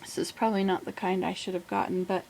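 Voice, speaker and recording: An older woman vlogger gives a rambling, friendly video update from her home in the southern US, speaking fast in a medium-pitched, gravelly, darkish voice with little pitch movement. She often corrects herself, and the rough recording, made on a plug-in computer microphone, has slight background noise.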